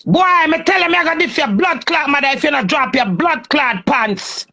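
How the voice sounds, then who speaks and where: Jamaican woman going off on a live stream, high gravelly bright voice, cussing nonstop. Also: animated, normal speed. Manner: heated, cursing, confrontational. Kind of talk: angry live-stream rant. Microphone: phone on a live stream.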